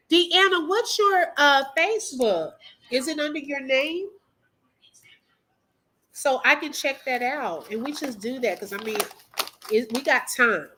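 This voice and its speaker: A woman's voice: mid-range voice, bright, forceful tone, husky, poor audio. A middle-aged woman hosting a casual livestream, emotional as she talks straight to her viewers and reads their comments aloud. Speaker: livestream host.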